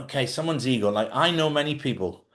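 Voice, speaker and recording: A man's voice: mid-range voice, expressive, a little fast, fairly bright tone. Blunt, forthright man giving life advice. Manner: blunt, forthright, swears freely. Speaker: host. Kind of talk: live advice talk. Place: lives in Spain.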